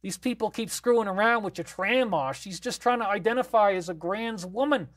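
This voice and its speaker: A man voicing a raspy, chain-smoking grandmother who dotes and fusses over viewers on a live stream. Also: high-pitched, fairly quick, fairly bright tone, voice pushed up. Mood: doting. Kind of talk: comic live stream character.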